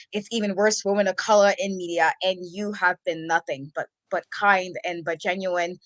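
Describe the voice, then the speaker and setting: Bright-voiced tearful woman co-host. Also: medium pitch, no room sound, poor audio. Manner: tearful, laughing, heartfelt. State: crying. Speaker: podcast co-host. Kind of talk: emotional tribute in casual chat.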